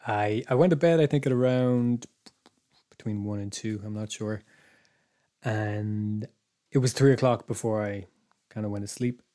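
A man's voice: fairly low pitch, normal speed, long pauses, dark tone. A man, a podcast co-host telling a story in casual chat, meandering and hesitant, dropping to a whisper for his own thoughts.

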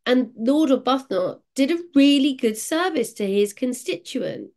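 A woman's voice: high-pitched, animated, unhurried, a little mellow. A woman co-hosting a podcast. She talks casually and thoughtfully, posing rhetorical questions. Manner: reflective, asks rhetorical questions. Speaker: podcast co-host.

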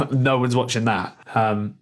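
A man's voice: medium pitch, steady tone, takes it slowly. A man co-hosting a football podcast in loose, casual chat. He rambles from point to point, laughs easily and swears without a second thought. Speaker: podcast co-host.

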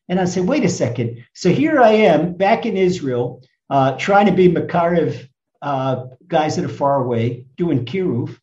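An older American-born rabbi in his seventies tells stories with emphatic swings between loud bursts and hushed asides. His pitch leaps around in a lively way. The sound is roomy and slightly dull. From United States. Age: 70s. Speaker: rabbi and guest speaker. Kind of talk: animated storytelling in conversation.

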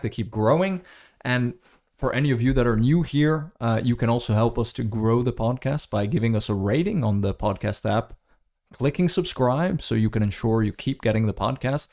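A man's voice: mid-range voice, darkish tone. An American man co-hosting a podcast in casual chat, playful and teasing, with theatrical touches. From United States. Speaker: podcast co-host.

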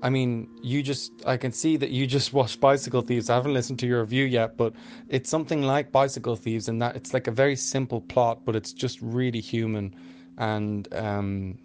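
A man recorded on a voice note, talking slowly and hesitantly as he shares his view of a film. A faint hum runs under his voice, and soft organ music from film credits plays in the background. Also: medium pitch, fairly even intonation. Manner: hesitant, unhurried. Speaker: voice message contributor. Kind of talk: recorded voice review.

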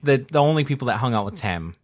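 A young man hosting a casual podcast, recapping an anime episode in an animated, swearing way. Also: medium pitch, fast, no room sound, clean studio sound. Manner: animated recap, profanity, laughing.

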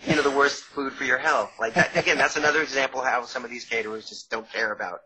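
A man's voice: medium pitch, steady tone, fast talker, pushed and bright, husky. A man with a New York accent, a former caterer telling rambling stories as an interview guest, often laughing mid-story. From Long Island, New York. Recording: dull lo-fi sound.

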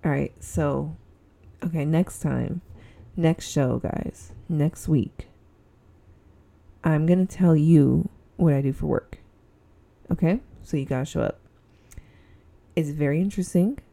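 A woman's voice: sits low, slow, vocal fry, long pauses, dark tone. A woman with a Southern Californian accent, hosting a casual solo podcast at home and rambling giggly with lots of fillers; she says her voice sounds snobby. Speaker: podcast host. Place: indoors at home with a heater on.

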